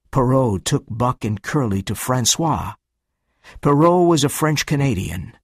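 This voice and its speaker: A man reading a storybook aloud slowly and carefully for English learners. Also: medium pitch, no room sound, studio quality. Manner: slow, careful, clearly paced reading.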